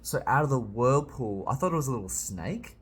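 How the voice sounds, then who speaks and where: A young man reading a manga aloud and reacting, excitable, swearing often and bursting into loud exclamations. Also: medium pitch, fairly quick, slight background noise. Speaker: manga reviewer.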